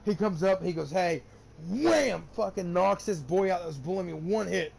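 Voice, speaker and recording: A man's voice: high-pitched, fairly quick, gravelly, a little mellow, a little hiss or hum. A young man telling a long personal story in casual chat, rambling and swearing often, with lots of restarts. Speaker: gamer streamer.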